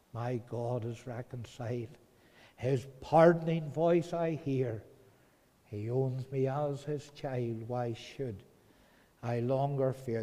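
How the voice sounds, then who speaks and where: A man preaching a sermon, swinging between loud urgent pleading and soft hushed tones. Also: medium pitch. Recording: long hall reverb.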